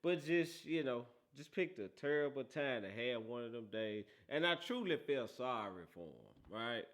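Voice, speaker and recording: A man's voice: medium pitch, animated, moderate pace, a bit bright. A man hosting a casual football talk show, teasing and laughing often, with a habit of asking "right?". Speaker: host.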